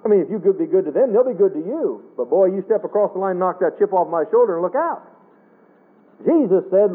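Folksy high-voiced preacher on tinny radio. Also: male voice, lively intonation, fast talker. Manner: folksy, earnest preaching with wide swings in pitch. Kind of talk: sermon. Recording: tinny phone-line radio broadcast.

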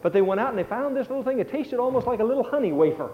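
A man preaching a sermon in a high voice, swinging from loud, ringing passages to quiet, hushed ones. The sound is thin and tinny, like it is coming down a phone line. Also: expressive, rapid-fire. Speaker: pastor.

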